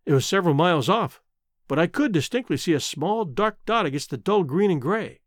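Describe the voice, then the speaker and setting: A man reading a classic novel aloud in a measured, storytelling voice. His pitch rides fairly high and moves in lively arcs. The recording is close and dry, with no room sound. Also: no room sound. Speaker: audiobook narrator. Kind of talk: scripted narration.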